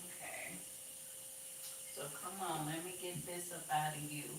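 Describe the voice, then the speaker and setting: A woman's voice: deep voice, little pitch movement, measured pace. A woman rambling casually and profanely to herself as she cleans at home, joking with her viewers. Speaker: vlogger. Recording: very echoey room, far mic, loud background noise.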